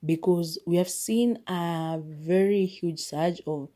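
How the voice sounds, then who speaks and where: Solo podcast host: young Kenyan woman, mellow and slightly low-pitched, chatty and animated. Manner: chatty, animated storytelling with quick asides. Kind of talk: casual solo podcast monologue.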